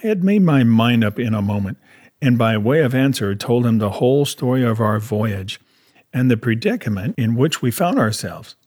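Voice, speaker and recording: In a mid-range voice, a man reads a classic adventure novel aloud for an audiobook, narrating in the first person. He keeps a steady, measured storytelling pace.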